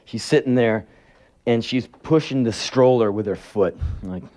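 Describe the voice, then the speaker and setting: A man's voice: mid-range voice, a little slow, a little mellow. A man telling sarcastic, profane anecdotes in a live spoken word performance.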